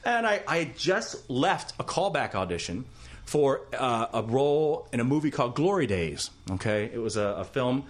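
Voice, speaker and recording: A man's voice: medium pitch, moderate pace. A man, an actor, telling a story from his career in a casual interview and acting out the other people in it. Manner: animated, acts out other people's lines.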